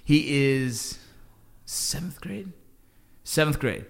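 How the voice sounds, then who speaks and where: A man's voice: fairly high pitch, takes it slowly, gravelly. A middle-aged man hosting a podcast, chatting casually and telling stories with lots of bro and dude. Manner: animated storyteller, says bro and dude a lot. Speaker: podcast host. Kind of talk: casual chat.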